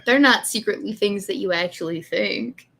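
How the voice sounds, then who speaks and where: A woman's voice: medium pitch, normal speed, vocal fry, a bit bright. A woman hosting a livestream, chatting casually, teasing her guest and laughing often. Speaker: stream host.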